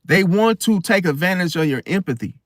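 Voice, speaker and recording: A man's voice: high-pitched, lively intonation, a little fast, no room sound, studio quality. A man hosting an astrology video, talking casually to camera in a rambling, slangy way with many restarts.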